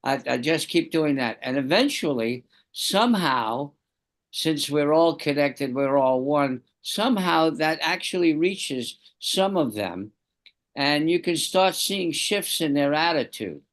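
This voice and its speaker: A man calmly sharing a personal practice in a group discussion on a video call, with soft repetition. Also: fairly high pitch, a little slow. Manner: calm, softly repetitive. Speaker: study group participant. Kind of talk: casual sharing.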